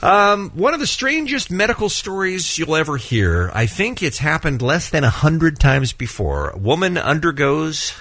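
Brief: male radio host, brisk and teasing, lively pitch, dry studio sound. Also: no echo. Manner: brisk, teasing, runs the show. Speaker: radio morning show host. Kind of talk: morning radio banter and show rundown. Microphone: studio microphone.

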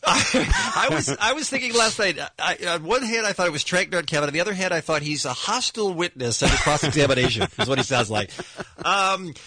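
A man's voice: fairly high pitch, animated, brisk, pushed and bright, no room sound. A man co-hosting a talk show, teasing his colleague and laughing often. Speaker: radio show co-host. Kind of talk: casual chat.

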